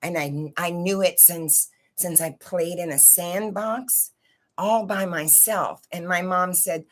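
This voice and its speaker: A woman's voice: lowish voice, steady tone, takes it slowly. A woman telling a personal story in a casual, rambling way, swearing freely and often checking in with her listeners. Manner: profane, rambling, keeps asking "right?".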